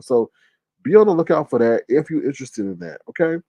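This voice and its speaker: A man casually hosting a livestream, reading chat aloud in a joking, animated way and laughing often. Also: a little fast, creaky, dry recording. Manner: animated, joking, laughs often, jumps to high-pitched exclamations.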